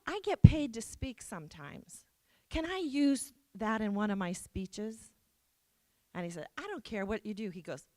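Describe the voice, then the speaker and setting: A woman's voice: mid-range voice, a bit bright, dry recording. A middle-aged woman giving a keynote, telling an anecdote and acting out quoted dialogue with a self-deprecating touch. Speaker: keynote speaker. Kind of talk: storytelling speech. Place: conference hall.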